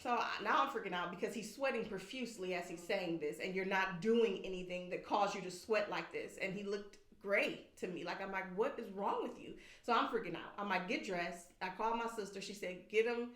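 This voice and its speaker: Speaking fairly quickly and barely pausing, this woman tells a podcast audience a heartfelt personal story. Her mid-range voice is candid and lively as she imitates others' words, and the room echoes.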